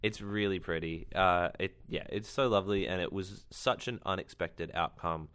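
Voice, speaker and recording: A man co-hosting a casual podcast recap, agreeable and quick to affirm. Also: deep voice, steady tone, clear, resonant tone. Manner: agreeable, warm affirmations, restarts mid-sentence. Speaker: podcast co-host.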